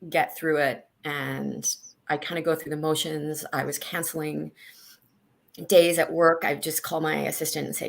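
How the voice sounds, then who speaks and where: Woman interview guest, low gravelly voice, halting and candid. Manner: halting, many restarts, animated when reliving moments. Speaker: guest, senior leader.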